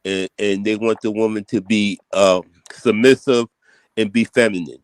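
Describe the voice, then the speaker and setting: A man's voice: lowish voice, steady tone, normal speed, clean tone, dry recording, rough recording. A man on a livestream panel insisting on his point, repeating himself with restarts. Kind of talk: opinionated livestream talk.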